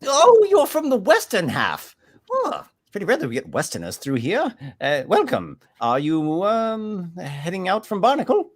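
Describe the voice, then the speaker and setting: A man voicing a pushy, flattering male shell merchant with a grandiose sales pitch. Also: normal speed, full character voice. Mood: chatty.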